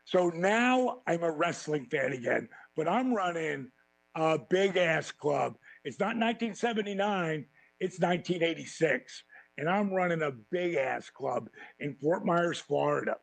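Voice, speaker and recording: A man as a podcast guest telling profane, animated stories and acting out quotes. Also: fairly high pitch, measured pace, vocal fry, dry recording, rough recording. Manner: animated, swearing freely, acts out quotes. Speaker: podcast guest, former wrestling champion. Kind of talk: profane storytelling in a podcast interview.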